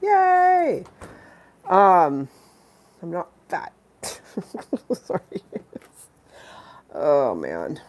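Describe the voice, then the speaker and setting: A woman's voice: low voice, very animated, very slow, pauses often, dull audio, a little hiss or hum. A congested woman hosting a live stream, rambling and giggly as she chats with viewers and reads the chat aloud. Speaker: livestream host.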